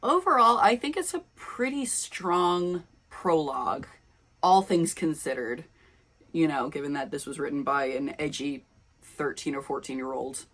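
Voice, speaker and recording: A woman's voice: deep voice, lively intonation, a little slow, a bit bright. A young woman reading her old story aloud, breaking off with wry, laughing asides. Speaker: youtuber.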